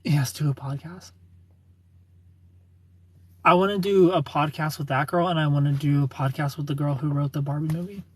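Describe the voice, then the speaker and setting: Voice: mid-range voice, steady tone, fast talker, few pauses, slight background noise. A livestreamer in their thirties answering chat comments in a chatty, opinionated way and laughing often. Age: 30s.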